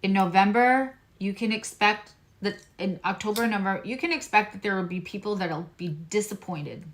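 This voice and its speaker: At medium pitch and a moderate pace, a woman originally from Long Island, New York, reads astrology and tarot casually. Her accent is neutral American, the Long Island one gone, and she emphatically repeats key phrases between chatty asides.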